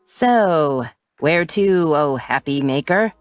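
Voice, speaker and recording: Woman doing a sharp-tongued young woman, exasperated, for an audiobook. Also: low voice, expressive, slow pace, no echo.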